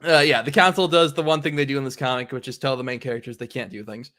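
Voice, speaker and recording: A man's voice: medium pitch, steady tone, quick pace, pushed and bright. A young man hosting a casual podcast chat about comics, retelling the story in a rambling way full of "like" and "um". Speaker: podcast host. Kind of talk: casual comic book discussion.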